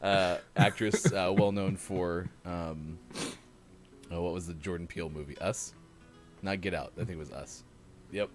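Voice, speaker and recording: A man's voice: low voice, steady tone, a little slow, pauses often, faint music behind. A man hosting a morning show, chatting casually and reading out birthdays in a jokey, self-mocking way.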